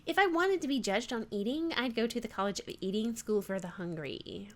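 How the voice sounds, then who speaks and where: A woman's voice: a little high, lively intonation, fairly quick, lightly acted. A woman voicing a snobby young female rival chef who talks down to everyone in a haughty, snippy way. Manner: condescending, haughty.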